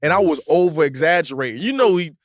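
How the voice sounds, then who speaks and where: A man with a Virginia accent, a guest comedian chatting casually, animated and playful. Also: on the high side, fast talker, dry recording, studio quality. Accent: Virginia (Hampton Roads). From Virginia, USA. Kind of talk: casual chat.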